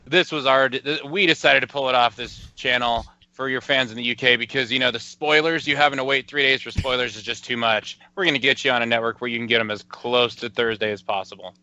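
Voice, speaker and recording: A falsely upbeat woman executive spins bad news as good, mocked by a man in a bright, sharp voice. It is a thin put-on, close to his own dry, muffled sound. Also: mid-range voice, steady tone, a little fast, few pauses, no echo. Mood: mock cheerful.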